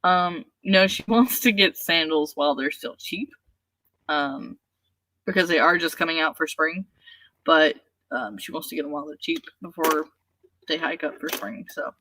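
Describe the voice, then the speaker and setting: A woman's voice: low-pitched, moderate pace, sharp tone. A woman hosting a casual writing livestream, chatting, laughing often and reading viewer comments aloud. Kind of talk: casual chat.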